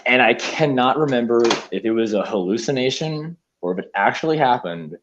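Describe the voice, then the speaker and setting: A man's voice: medium pitch, expressive, fairly quick, noisy background. A young man in casual chat, telling a rambling story with hesitations and restarts. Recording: dull lo-fi recording.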